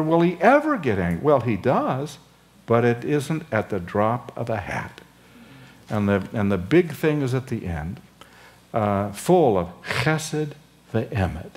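Older male professor for a chapel sermon: unhurried delivery, expressive rise and fall, lifts his voice to stress key words. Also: medium pitch. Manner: slow and deliberate, with frequent uh and um, voice lifting for emphasis; acts out dialogue between Moses and God. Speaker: seminary professor.

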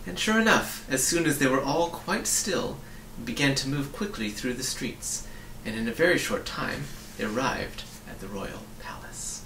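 A man reading a children's book aloud in an expressive, storytelling manner. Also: mid-range voice, normal speed. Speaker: storybook reader. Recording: roomy, distant mic, faint hiss.

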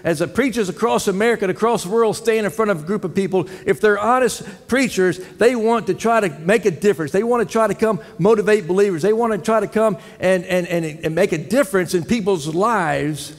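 A man's voice: high voice, a little fast, hardly any pauses. A man preaching a folksy sermon to his church, telling jokes and asking the congregation questions. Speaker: head elder preaching. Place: church sanctuary. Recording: long church hall reverb.

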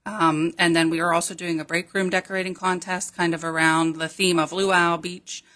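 A woman guest on a morning radio show, speaking for a hospital's nursing staff. Her voice is bright and forceful and sits slightly low. She explains things in a friendly, informative way and peppers her talk with ums. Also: little pitch movement, moderate pace. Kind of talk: radio interview.

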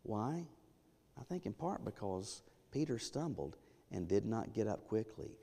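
A man preaching a sermon as pastor, emphatic, dropping to a hush and then rising loud. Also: lowish voice, big pitch swings, unhurried, breathy edge. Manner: emphatic, swings from hushed to loud. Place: church sanctuary. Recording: long church reverb.

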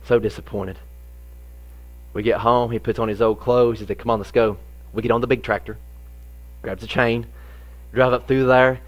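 A middle-aged male pastor with a drawl, telling a homespun story from the pulpit. His voice sits at an ordinary pitch, and a low electrical hum runs under the recording. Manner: folksy storytelling, animated in the funny parts, softer when serious. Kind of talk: sermon with personal story.

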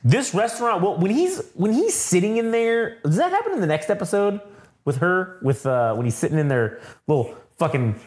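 A man co-hosting a casual review podcast, talking in an animated, profane way and ranting about the show. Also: high-pitched, moderate pace. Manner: animated, profane, mimics characters while retelling. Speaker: podcast co-host.

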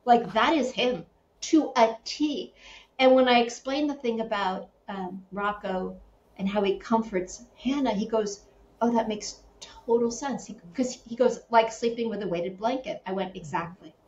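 A middle-aged woman from Connecticut, a podcast guest, telling stories in a lively, animated way, acting out quoted voices and laughing often. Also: mid-range voice, moderate pace. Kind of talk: casual interview storytelling. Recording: roomy, slightly dull sound, faint background hum.

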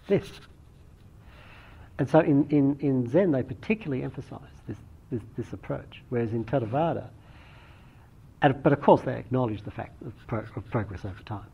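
A middle-aged man teaches meditation in a slow, reflective dharma talk, circling back to restart his phrases as he thinks aloud. His voice is a little husky. The recording sounds dull and lo-fi. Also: medium pitch. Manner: unhurried, reflective, with frequent restarts.

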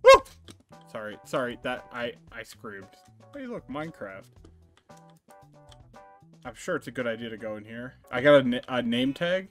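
A young man narrating a let's play, joking around and reacting loudly to the game. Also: mid-range voice. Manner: excitable, jokey, squeals when startled. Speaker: gaming YouTuber.

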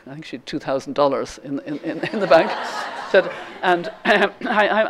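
A woman's voice: low voice, unhurried, noisy background. An Irish woman in her seventies giving a lecture, telling a story with many ums and restarts. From Ireland. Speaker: guest speaker. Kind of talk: lecture with anecdote.

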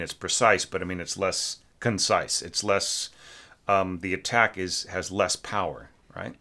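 A man with a low voice reviews a student's orchestration in a relaxed, casual way. He thinks aloud, stops and restarts, and sings little phrases to show the bowing. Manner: sings short phrases on nonsense syllables. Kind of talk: casual spoken critique.

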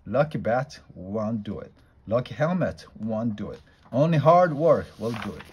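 A man's voice: lowish voice, big pitch swings, moderate pace, a little mellow, slight background noise. A man voicing an earnest, hopeful young boy in a storybook reading. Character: determined young boy baseball player.

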